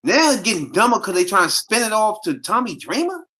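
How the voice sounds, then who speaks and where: A woman's voice: medium pitch, big pitch swings, brisk, sharp tone, a little hiss or hum. A woman co-hosting a wrestling podcast, talking bluntly and dismissively in very informal speech. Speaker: podcast co-host. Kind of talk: casual chat.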